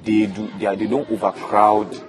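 A young man from Ghana in his twenties, a student catfish farmer giving plain, halting answers with fillers in an interview. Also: lowish voice, level tone, crowd noise. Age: 20s.

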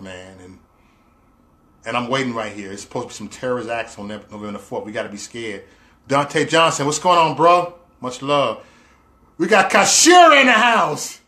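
With a bright, forceful, mid-range voice, a man runs a casual livestream where he reads viewer comments. He teases the chat playfully, laughs frequently, and peppers his talk with loose slang fillers.

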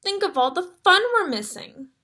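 A woman's voice: very high-pitched, sing-song, moderate pace, bright, forceful tone, voice pushed up, full character voice. A woman voicing an impatient, complaining young girl in a storybook reading.

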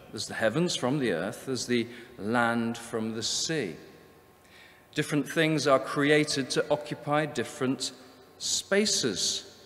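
Brief: a male seminar speaker with a slow, lively delivery in a hall with a long reverb. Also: medium pitch. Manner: emphatic, rhetorical questions, measured repetition. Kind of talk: Bible seminar talk. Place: convention hall.

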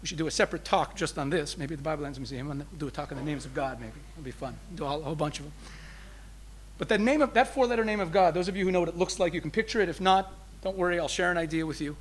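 A man speaking as a rabbi, giving an explanatory teaching talk to an audience, shifting between emphatic and soft delivery and slowing down over key phrases. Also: fairly high pitch, slight background noise.

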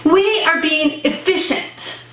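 A woman's voice: sits high, lively intonation, takes it slowly, fairly bright tone. A woman from Central Texas with a Texan accent, playfully explaining sayings in casual chat. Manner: playful, explains each phrase. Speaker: vlog host. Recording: echoey room, mic at a distance.

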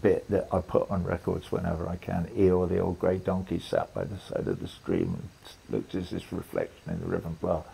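A man's voice: low voice, a little fast, vocal fry, hardly any pauses, warm tone, a little hiss or hum, low-quality recording. An older man, telling a long story as an interview guest, rambling with restarts and quoted lines. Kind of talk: relaxed storytelling conversation.

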